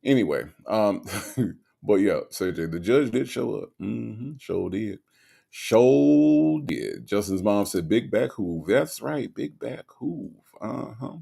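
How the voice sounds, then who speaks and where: A man hosting a casual livestream, greeting viewers by name and reading their comments aloud. He talks in a relaxed way that swings between quiet mumbles and sudden loud bursts. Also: on the low side, measured pace, creaky, husky. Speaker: livestream host.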